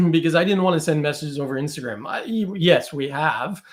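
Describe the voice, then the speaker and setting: A man with a higher-set speaking voice talks as a guest on a podcast. He is loose and chatty, often checking in with "right?" and "like." His delivery is easygoing and conversational. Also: animated, brisk. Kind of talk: casual conversational interview.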